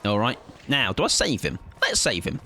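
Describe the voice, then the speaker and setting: A man's voice: medium pitch, big pitch swings, normal speed, bright, forceful tone, slight background noise. A young man chatting playfully and joking as he streams a game. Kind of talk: casual live-stream gaming chat.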